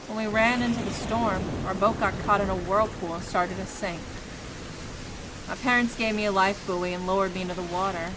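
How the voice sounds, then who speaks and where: A woman's voice: medium pitch, fairly even intonation, moderate pace, noisy background, close to an everyday voice. A woman voicing an earnest, troubled young man in a game, speaking seriously.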